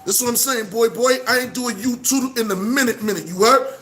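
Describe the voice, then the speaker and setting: A man with a Brooklyn accent talking casually to camera, animated, full of street slang and repeated shout-outs. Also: very high voice, fairly quick, soft background music. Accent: New York, Brooklyn. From Brooklyn, New York. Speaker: vlogger. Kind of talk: casual direct-to-camera monologue.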